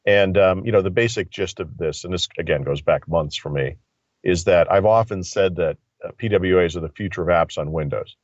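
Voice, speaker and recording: A man's voice: deep voice, brisk, dry recording. A man talking tech in casual chat, rambling and thinking aloud with lots of fillers, calling in by phone. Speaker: tech commentator. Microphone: phone line. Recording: dull lo-fi phone audio.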